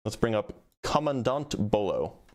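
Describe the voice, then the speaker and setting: A man's voice: mid-range voice, very animated, moderate pace. A man hosting a live debate stream, talking casually with lots of fillers and restarts. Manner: casual, hesitant, many fillers.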